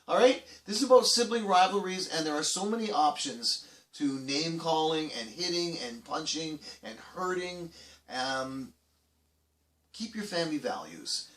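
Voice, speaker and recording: A man's voice: fairly high pitch, expressive, a little slow, echoey room, recorded from a distance. A man hosting a children's program, talking casually to kids in a rambling way with many restarts and fillers. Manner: acts out quoted voices loudly.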